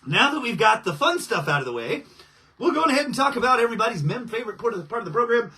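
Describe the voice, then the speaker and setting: A man's voice: extremely high pitch, big pitch swings, rapid-fire, pushed and bright, slightly rough. A man hosting a casual livestream, rambling with fillers and out of breath after coughing. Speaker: host of a cannabis grower livestream.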